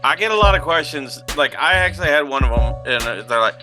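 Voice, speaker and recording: A Texan man with drawn-out vowels, joking crudely as a podcast co-host. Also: on the high side, expressive, over music. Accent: Texan drawl. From Texas. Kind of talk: rowdy casual chat among friends.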